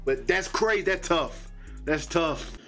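A man hosting a reaction video, talking casually and profanely, swinging between loud high outbursts and low muttering. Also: slow pace, faint music behind.

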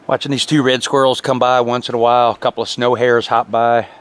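A man's voice: mid-range voice, flat delivery, brisk, clean tone. A man chatting cheerfully to the camera while camping in snowy woods. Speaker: outdoor vlogger. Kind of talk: casual narration to camera. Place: snowy woods campsite outdoors.

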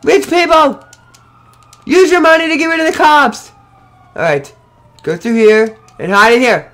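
Gaming host, young man: very high bright voice, excitable, yells and curses at the game. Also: moderate pace. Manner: excitable, yelling and cursing at the game. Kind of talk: gameplay commentary.

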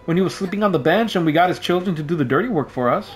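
A gaming YouTuber plays a game at home, offering playful, jokey let's-play commentary and yelping when startled. His high, expressive voice goes very fast through a desk microphone in a home room, with slight background noise.

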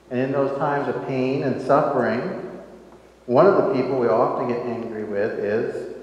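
A man preaching a sermon as pastor in a church, speaking conversationally and often checking in with "right?". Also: mid-range voice. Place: church sanctuary. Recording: echoey church, dull sound.

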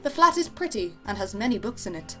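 A woman reading a parody fan story aloud, deadpan, with sarcastic asides. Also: medium pitch, a little fast, faint music behind. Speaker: narrator.

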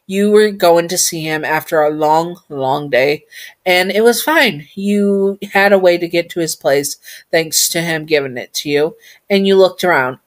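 A woman reads a fan story aloud in a casual, playful way, breaking off to chat and talk to herself. Her voice sits fairly low for a woman. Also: measured pace. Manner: chatty, giggly, talks to herself.

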